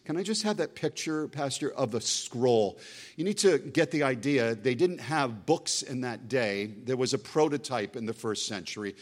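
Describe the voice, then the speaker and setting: A male guest preacher delivering a sermon with real fervor. His voice sits at an ordinary middle pitch, but he swings between loud, emphatic bursts and hushed, intense passages. He slows right down whenever he reads scripture aloud. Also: lively intonation. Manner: quotes scripture in a slowed, dramatic read.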